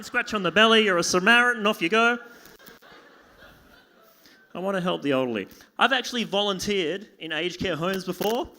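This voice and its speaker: A young man with a high, bright, forceful voice does stand-up. He mocks himself and acts out little scenes, jumping into squeaky yelps and frantic begging. He plays it for a live pub crowd. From Australia. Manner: self-deprecating, acts out dialogue with sudden yelps and pleading. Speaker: stand-up comedian. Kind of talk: stand-up comedy set. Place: small pub venue with live audience.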